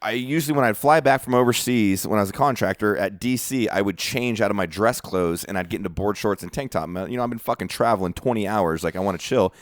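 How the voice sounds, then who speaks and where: A man's voice: on the low side, quick pace, hardly any pauses, no echo, clean studio sound. A man co-hosting a podcast, chatting in a laid-back way with profane banter. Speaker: podcast co-host. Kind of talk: casual chat.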